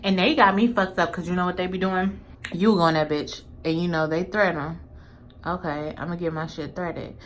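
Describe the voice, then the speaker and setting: A woman's voice: fairly low pitch, steady tone, moderate pace, slight background noise. A young woman, a little tipsy, chatting casually through a makeup tutorial, rambling and swearing in playful trash talk. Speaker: beauty vlogger.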